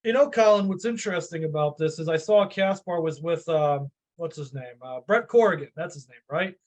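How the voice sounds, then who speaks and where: A man with a Chicago accent, a panelist in a casual political discussion, chatty and thinking out loud. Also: fairly high pitch, a little fast. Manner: chatty, musing, self-questioning.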